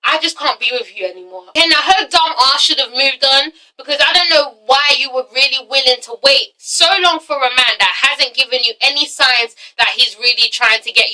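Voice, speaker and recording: A woman's voice: far from the mic, rough recording. A young woman reviewing a reality show in a casual vlog, talking emphatically, swearing freely and tagging her sentences with "okay?" and "all right?". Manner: animated, acts out quotes with big pitch jumps.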